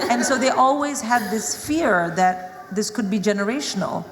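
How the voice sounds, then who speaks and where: A woman's voice: fairly high pitch, unhurried. A woman from India, moderating a live panel and telling anecdotes with frequent laughter. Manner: chatty, laughing through anecdotes. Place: stage in a large hall with live audience. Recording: echoey hall, noisy room.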